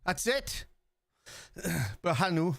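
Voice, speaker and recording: A man's voice: sits high, big pitch swings, very slow, gravelly, a bit bright, dry recording. Chatty Scouse man hosting a live stream. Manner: chatty, reads chat aloud and answers it. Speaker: streamer hosting a football watchalong. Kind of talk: live stream chat with viewers.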